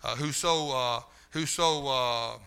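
A man preaching a sermon in a fervent, folksy way, talking straight to the room and rising to shouts. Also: medium pitch, slow pace, gravelly, clean tone. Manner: loses his place, talks to the room.

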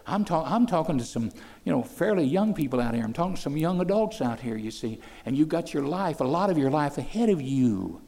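A man's voice: a little high, sing-song, brisk, creaky, a little mellow, long reverb tail. A man preaching a sermon, pressing his listeners with rhetorical questions and rising to fervent peaks.

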